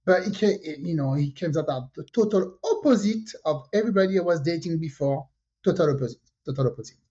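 A woman's voice: deep voice, quick pace, slightly rough. Lady on a podcast, chatty storyteller doing all the voices, kinda dull lo-fi sound. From French Caribbean. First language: French. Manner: lively storyteller who acts out quoted dialogue. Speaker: podcast co-host. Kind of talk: casual storytelling chat.

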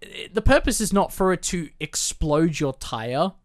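A man's voice: fairly high pitch, expressive, unhurried. A man in his twenties, co-hosting a podcast in casual chat, his voice half gone as he tells a story. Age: 20s. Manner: chatty, laughs easily, tells stories. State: losing his voice. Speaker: podcast co-host.

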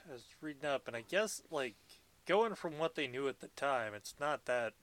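A man's voice: mid-range voice, animated, moderate pace, a bit bright. Rambling, profane man recapping a movie. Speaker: podcast co-host. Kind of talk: casual movie recap chat.

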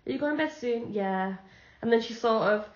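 A woman's voice: fairly high pitch, lively intonation, moderate pace. Chatty woman telling stories. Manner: chatty storyteller, acts out the dialogue in her anecdotes, laughs often. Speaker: podcast co-host. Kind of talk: casual chat. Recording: echoey room, dull lo-fi sound.

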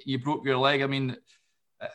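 A man's voice: mid-range voice, little pitch movement, normal speed, a bit bright. A man hosting a casual interview, asking questions and offering short encouraging acknowledgements. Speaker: interviewer, host.

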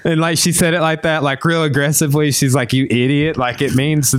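A man hosting a casual podcast chat, telling stories in a relaxed, halting way with restarts. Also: on the high side, no room sound.

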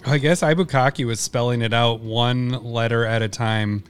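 A man's voice: medium pitch, fairly even intonation, moderate pace, clear, resonant tone, soft background music. A man hosting a card-guessing game, chatting casually, teasing and laughing often. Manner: giggly, teasing. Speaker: host giving clues in a card-guessing game. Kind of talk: casual live-stream chat.

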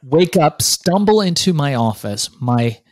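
A man in his fifties, an author and guest, telling his story in an animated, profane way. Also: fairly high pitch, a little slow, no room sound. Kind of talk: storytelling interview.

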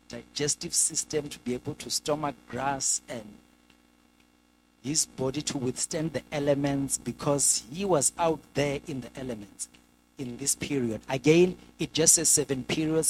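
A man preaching a sermon in a lively way, acting out the people in the scripture. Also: a little hiss or hum, poor audio. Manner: lively, acts out scripture characters with sudden pitch jumps.

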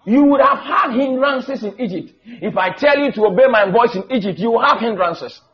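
A man preaching a fiery sermon, shouting and drawing out emphatic Bible quotes. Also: very high-pitched, animated, normal speed. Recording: dull lo-fi church recording with faint music.

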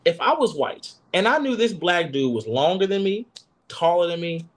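A young adult man on a podcast panel, riffing in casual chat, profane and animated, full of restarts. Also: high voice, normal speed, very noisy.

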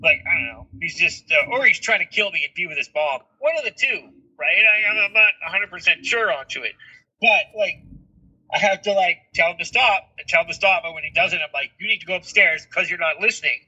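Husky, bright-voiced dad chatting. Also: male voice, high-pitched, a little fast. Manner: rambling, animated storytelling with filler words. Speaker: podcast co-host, father. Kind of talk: casual podcast chat. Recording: muffled lo-fi sound.

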